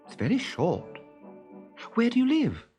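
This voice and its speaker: A man reading a storybook aloud and voicing a prim, well-spoken girl who is kind and motherly but quick to take offence. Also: very high voice, huge pitch swings, a little mellow, soft background music, voice pushed up, heavily acted.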